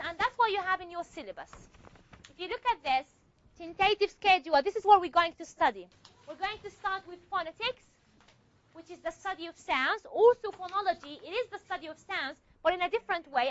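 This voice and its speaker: Woman lecturer in a classroom, really high sharp voice, explains step by step and keeps asking "yeah?", dry kinda muffled recording. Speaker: university linguistics lecturer.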